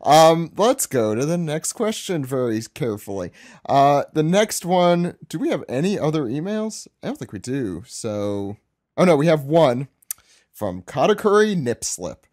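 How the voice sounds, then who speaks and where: A man's voice: on the high side, very animated, unhurried, a little mellow. A man from New York hosting a casual podcast, chatty and self-mocking as he reads listener emails. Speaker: podcast host.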